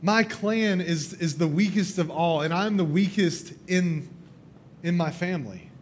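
A man preaching a sermon, retelling a scripture story with lively storytelling and acting out the characters' lines. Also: sits high, unhurried, slight background noise.

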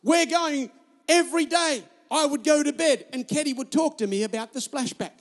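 High-voiced pastor preaching. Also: male voice, normal speed, in a large hall. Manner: emphatic, repetitive preaching with storytelling. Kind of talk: sermon.

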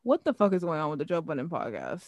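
A woman co-hosting a podcast in casual chat, expressive and exclaiming often. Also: low voice, no room sound, soft background music. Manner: expressive, exclaiming, quick laughs. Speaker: podcast co-host.

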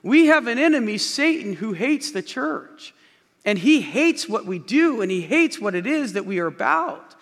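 A man's voice: very high-pitched, very animated, normal speed, fairly bright tone. A male pastor giving an emphatic sermon from the stage of a large church, repeating key phrases and speaking directly to the congregation. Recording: long reverb of a large hall.

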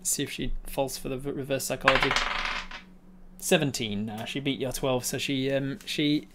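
A man's voice: medium pitch, steady tone, moderate pace, noisy background. A man narrating a tabletop game on a stream as game master, laughing often and acting out sound effects.

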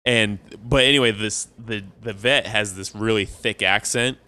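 A man's voice: fairly low pitch, moderate pace, pushed and bright. A man chatting casually on a podcast, rambling through long stories and laughing at his own jokes. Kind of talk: casual chat.

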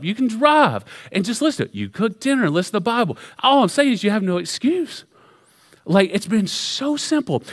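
Lively, animated male pastor preaching. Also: fairly high pitch. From American South. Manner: energetic, conversational preaching with frequent restarts. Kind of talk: sermon. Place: church sanctuary.

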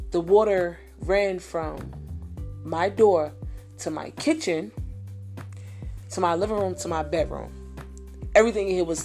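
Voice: medium pitch, creaky, a little mellow. A speaker telling a personal story in a casual, heated, profane way, often repeating phrases. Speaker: vlogger.

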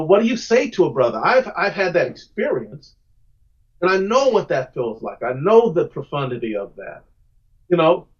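A man's voice: a little high, highs cut off. A man answering podcast interview questions about his comics, earnest and emphatic, often repeating words as he starts a thought. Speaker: guest comic book creator.

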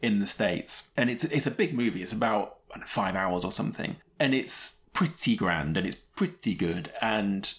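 A man's voice: lowish voice, expressive, normal speed, few pauses. A man co-hosting a podcast, giving chatty, opinionated film reviews and laughing often. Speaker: podcast co-host. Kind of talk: casual film review chat.

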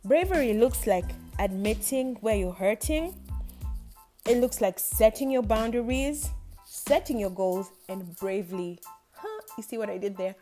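A woman's voice: a little high, a little slow, dark tone, soft background music. A woman hosting her own podcast, talking casually and playfully and laughing at her own jokes. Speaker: podcast host. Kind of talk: casual solo podcast talk.

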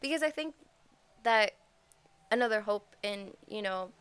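A woman's voice: mid-range voice, lively intonation, measured pace, fairly bright tone, clear, resonant tone. A woman co-hosting a casual chat, rambling with many fillers and restarts. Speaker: podcast co-host.

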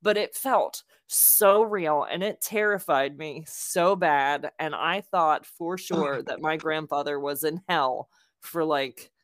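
Low-voiced woman telling a story. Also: takes it slowly, hardly any pauses, no room sound, studio quality. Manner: animated storyteller, acts out quotes. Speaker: podcast co-host. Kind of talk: casual storytelling chat.

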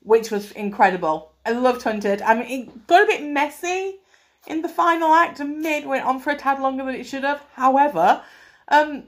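A woman's voice: high voice, lively intonation, moderate pace. A woman co-hosting a casual film review podcast, enthusiastic and sweary. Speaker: podcast co-host.

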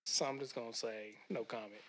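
A young man from the Kansas City area, a podcast guest in casual chat, laid-back and quick to laugh. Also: mid-range voice, steady tone, fairly bright tone. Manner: laid-back, laughs often, says bro a lot.

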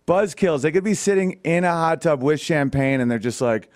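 Slightly high-voiced comedian tossing one-liners. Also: male voice, animated, moderate pace. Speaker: comedian co-host. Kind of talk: comedic banter.

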